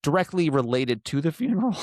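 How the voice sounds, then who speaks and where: This forties-aged podcast host has a higher, sing-song voice at normal speed, slightly mellow in tone. In a dry, studio-quality recording, he rambles through a casual story packed with fillers, performing the lines people said.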